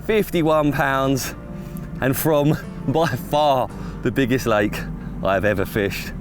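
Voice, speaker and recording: A young Englishman, an excitable carp angler, chatting outdoors by a large lake, swearing and chuckling. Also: mid-range voice, slow, over music. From England. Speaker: carp angler and channel presenter. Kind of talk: casual excited chat.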